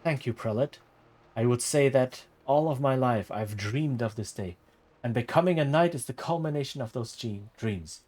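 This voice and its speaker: A man's voice: medium pitch, normal speed, a little mellow, close to an everyday voice. A man reading a proud, earnest young squire. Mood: solemn. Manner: formal, solemn, prickly.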